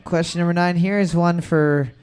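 A man hosting a trivia music round, calling out answers loudly and joking between questions. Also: sits high, steady tone, normal speed, smooth. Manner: loud repeated calls of "boards up", joking asides. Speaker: trivia host. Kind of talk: casual podcast banter, running a music round.

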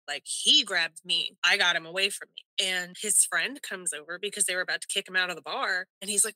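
A woman telling a personal story in an animated, conversational way, acting out what other people said. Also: on the low side, brisk, hardly any pauses, no echo, rough recording.

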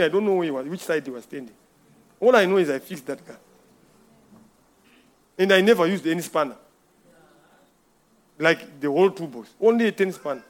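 A man giving an informal church testimony, telling a rambling story with frequent chuckles. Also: high voice.

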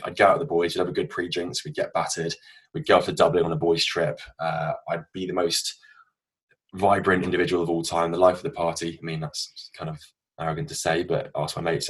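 Husky low-voiced young man, fast and candid. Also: little pitch movement. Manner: earnest and open, swears freely. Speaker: podcast co-host. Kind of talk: candid personal story, casual podcast talk.

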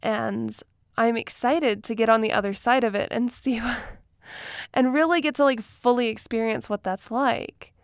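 A woman's voice: fairly high pitch, moderate pace, vocal fry, no room sound, studio quality. A young woman talking candidly in a casual vlog, chatty, laughing often and using many fillers. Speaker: vlogger and author. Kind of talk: casual personal talk to camera.

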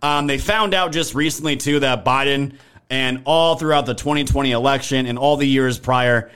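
A man's voice: medium pitch, normal speed, a bit bright, smooth. Man, livestream host, heated ranting, profane, casual delivery. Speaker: livestream political commentary host. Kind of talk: live-stream commentary and chat shoutouts.

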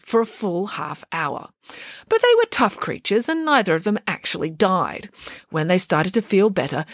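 Female storybook narrator, animated delivery, voices every character, dry close-miked read. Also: mid-range voice, no echo. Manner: lively, switches voices for each character. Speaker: audiobook narrator.

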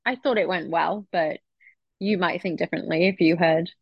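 Brief: English actress, young adult, relaxed and chatty, dull dry audio. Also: female voice, fairly low pitch, normal speed, creaky, husky, dry recording. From England. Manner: relaxed, chatty, with frequent restarts. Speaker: actress guest. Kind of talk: casual interview chat.

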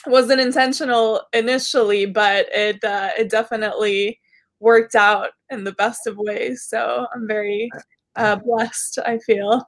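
A woman's voice: a little high, fairly even intonation, measured pace, no room sound. Bubbly Canadian woman on a video call. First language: Arabic. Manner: bubbly, laughs often, chatty with fillers. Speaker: guest. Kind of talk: casual interview chat.

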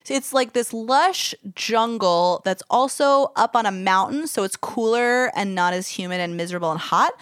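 A woman's voice: a little high, normal speed, hardly any pauses, a bit bright, clean tone, no room sound, clean studio sound. A woman co-hosting a podcast, chatting casually with lots of "like" and some swearing. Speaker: podcast co-host. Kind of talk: casual travel chat.

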